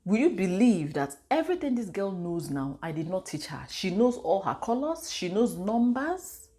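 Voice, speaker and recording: A woman's voice: medium pitch, moderate pace. Chatty Nigerian mother vlogging. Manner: chatty, animated storytelling with pidgin and Igbo asides. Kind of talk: casual advice vlog.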